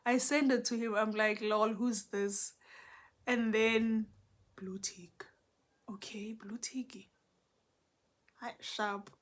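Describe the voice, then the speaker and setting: A young South African woman, a Setswana speaker, telling a story in a casual, animated way with lots of code-switching. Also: on the high side, slow pace.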